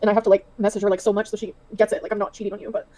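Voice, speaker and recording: A woman streamer talks very fast in a mellow, darker voice. She reads messages aloud in casual livestream talk, and her voice is played from a livestream clip. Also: mid-range voice, level tone, no echo. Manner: rapid, reading messages aloud.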